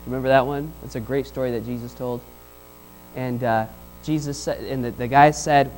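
A man preaching a sermon as pastor, conversational and animated, slipping into the voices of the people in his stories. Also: a little high, brisk, soft background music, poor audio.

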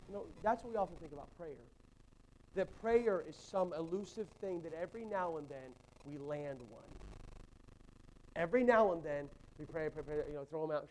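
High-voiced man preaching emphatically. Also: lively intonation, normal speed, darkish tone. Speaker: pastor. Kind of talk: sermon.

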